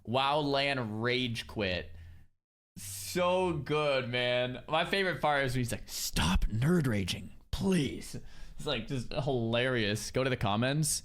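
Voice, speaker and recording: A man's voice: medium pitch, measured pace, clear, resonant tone. Laughing young man reacting to a clip. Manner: lively, laughing, restarts sentences. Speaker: streamer reacting to videos. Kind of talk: casual reaction commentary.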